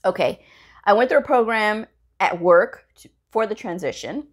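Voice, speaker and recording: A woman talking on her vlog in a relaxed, chatty way, recording at home. She tells stories from her job as a medical coder and acts out quoted lines, jumping up in pitch for them. Her pitch sits in the middle of the usual range for a woman. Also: normal speed. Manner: animated, acts out quoted dialogue with pitch jumps; conversational, frequent "you know" and "okay?". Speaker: medical coder sharing career advice. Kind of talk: casual storytelling vlog.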